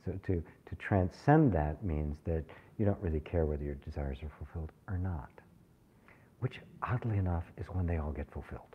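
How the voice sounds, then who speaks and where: A man teaching a spiritual group, animated and laughing often as he acts out people's questions. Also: rumbling low, brisk, husky, highs cut off. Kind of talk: satsang talk to a live group.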